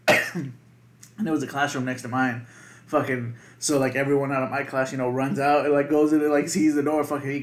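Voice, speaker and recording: A young man co-hosting a casual podcast, talking in a loose, profane and animated way. His pitch sits in the middle range for a man. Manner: crude, animated storytelling full of profanity. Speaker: podcast co-host. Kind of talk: casual chat.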